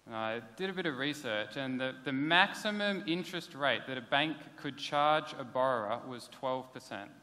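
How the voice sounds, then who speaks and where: A pastor, preaching a sermon in a casual, conversational way. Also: male voice, mid-range voice, lively intonation, normal speed, hardly any pauses, bright, forceful tone. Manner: conversational, plain-spoken preaching with casual asides. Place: church hall. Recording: long hall reverb.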